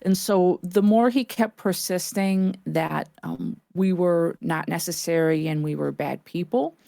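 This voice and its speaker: A woman's voice: fairly low pitch, unhurried, vocal fry, mellow, no room sound, clean studio sound. A woman playing in a tabletop game, talking hesitantly with many fillers over an online voice call. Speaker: player. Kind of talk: casual chat in a tabletop game.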